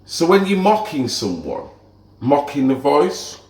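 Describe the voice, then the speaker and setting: A man's voice: a little high, very animated, a little slow, a little mellow, echoey room, low-quality recording. A man vlogging, ranting to the camera in an indignant, lecturing way.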